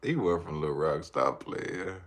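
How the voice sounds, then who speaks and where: A man's voice: a bass voice, lively intonation, normal speed. A man, a parent, chatting casually on a livestream, rambling and reacting to viewers' comments. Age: adult with children. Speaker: livestreamer reading chat. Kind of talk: casual live chat.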